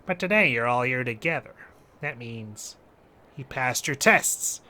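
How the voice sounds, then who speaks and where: A man's voice: mid-range voice, expressive, measured pace, bright, forceful tone. Man putting on a Jersey-accented mob enforcer. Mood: smug, threatening. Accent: put-on New Jersey. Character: menacing male mob enforcer, smug and pushy. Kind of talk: amateur quote reading of game dialogue.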